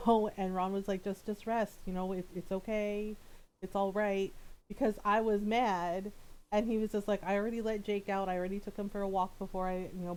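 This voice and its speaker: Middle-aged woman streamer just chatting, candid and rambly, little laughs between bits, normal pitch. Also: darkish tone. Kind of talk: casual chat on stream.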